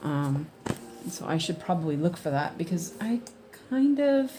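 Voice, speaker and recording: A woman's voice: on the low side, sing-song, measured pace, background noise. A woman chatting casually while she cross-stitches at home, rambling with lots of fillers and restarts. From United States.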